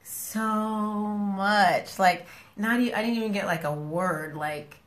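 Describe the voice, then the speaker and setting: Speaking slowly in a medium-pitched, slightly bright voice, a social media personality talks to her followers on a live stream in a reverberant space. The woman is casual and frank, repeating herself and giving them affectionate scoldings.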